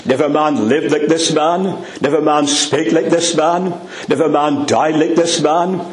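A man preaching a sermon in a church, with dramatic pauses and a voice that drops low on repeated refrains. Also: steady tone. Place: church hall. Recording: echoey church sound.

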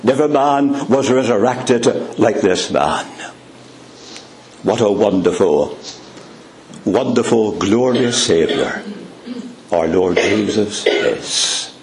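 A man preaching a sermon in a church, with dramatic pauses and a voice that drops low on repeated refrains. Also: animated. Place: church hall. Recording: echoey church sound.

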